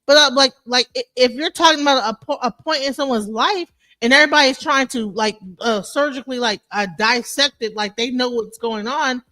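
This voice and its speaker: A woman's voice: high-pitched, a little fast, few pauses, pushed and bright, dry recording. A woman on an open panel, arguing heatedly, repeating herself and swearing, calling the other man bro and sir. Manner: emphatic, repetitive, swears freely, says bro and sir. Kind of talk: heated argument.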